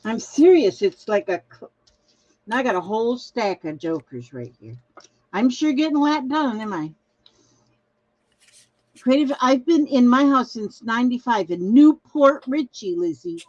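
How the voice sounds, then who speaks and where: An older woman hosting a craft livestream, rambling cheerfully through viewer comments and often restarting her sentences. She talks fairly high and is recorded close and dry, with a slightly muffled sound. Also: expressive, unhurried, a little mellow, no echo. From Minnesota, US. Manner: chatty, reads viewer comments aloud, trails off and restarts. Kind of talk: casual livestream chat.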